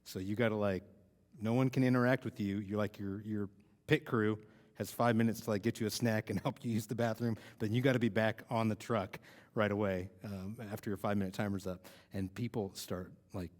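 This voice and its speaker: A man's voice: fairly low pitch, steady tone, a little fast, a little mellow. A man gives a casual youth sermon in a loose, rambling manner, sprinkling "like" and "uh" through what he says. His voice rings out with a long hall reverb. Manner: loose, rambling, lots of "like" and "uh", chuckles. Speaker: youth pastor.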